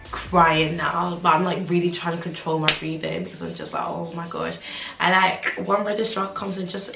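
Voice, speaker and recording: Young female doctor vlogger, casual and animated storyteller, slightly low voice, roomy echo, soft background music. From United Kingdom. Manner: animated retelling, acting out quotes, many fillers. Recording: echoey room with faint music.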